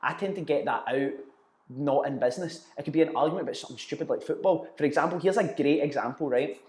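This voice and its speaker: A young Scottish entrepreneur, guesting on a casual interview, speaks quickly in a fairly high, slightly mellow voice. He is blunt, swears freely and tells stories with quoted banter, and the room has a noticeable echo.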